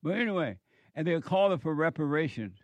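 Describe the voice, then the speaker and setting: A man's voice: a little high, expressive, brisk, no echo. A man hosting a commentary show, delivering an emphatic, lecturing monologue that repeats its points.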